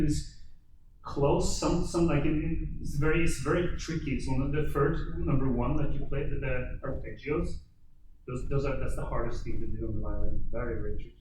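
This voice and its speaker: A man's voice: mid-range voice, fairly even intonation, darkish tone, slight background noise. Man teaching violin in an echoey room. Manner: encouraging, halting with many restarts. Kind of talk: one-on-one lesson feedback. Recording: very echoey, distant mic, violin playing.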